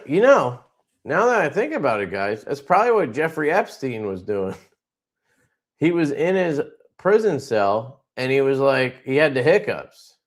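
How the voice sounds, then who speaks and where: A man hosting a casual livestream from his knife company, showing products in a laid-back, rambling way with crude jokes. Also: medium pitch.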